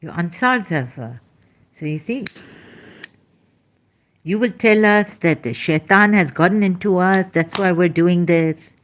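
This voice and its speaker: A woman's voice: on the low side, animated, unhurried, long pauses. A woman in pain giving an emphatic, rambling lecture, scolding her listeners. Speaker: religious critic. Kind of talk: lecturing monologue.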